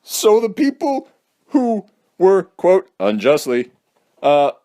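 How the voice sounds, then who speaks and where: A man's voice: high voice, huge pitch swings, takes it slowly, mellow. A young man giving casual, heated commentary in a sarcastic, ranting manner. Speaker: vlogger.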